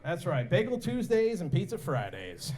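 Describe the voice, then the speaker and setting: A man with a high, lively voice works through a stand-up set at a bar comedy night. He talks casually and leaps up into squeaky voices whenever he plays the other people in his stories. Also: moderate pace. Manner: animated, jumps into high-pitched voices for other characters.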